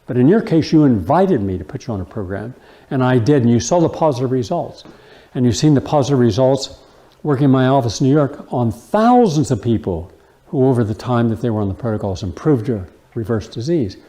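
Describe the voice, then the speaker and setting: A man lecturing to a live audience in a mellow, warm-toned voice. His pitch moves in lively swings as he fires off rhetorical questions and tells personal stories, with an emphatic, persuasive delivery. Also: brisk. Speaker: host and health lecturer.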